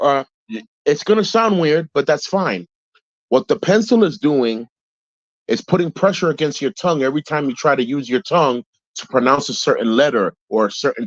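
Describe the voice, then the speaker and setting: A man's voice: on the high side, no echo. Man giving tips over a dull, dry line. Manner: direct and encouraging, switches between English and Spanish. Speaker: guest giving advice. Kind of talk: casual instructive chat.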